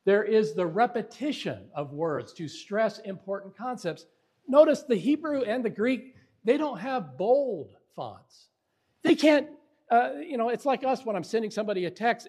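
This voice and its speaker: A man with a somewhat higher voice leads a Bible study lesson. He speaks emphatically and stacks repeated words to drive home each point. His phrasing often restarts mid-thought. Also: lively intonation, moderate pace, a little mellow, breathy edge. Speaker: Bible teacher.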